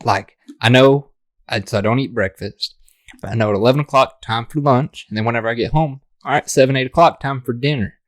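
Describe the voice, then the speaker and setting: A woman's voice: a bass voice, a little fast, no echo, studio quality. A woman co-hosting a podcast in casual chat, blunt and teasing, swearing freely. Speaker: podcast co-host.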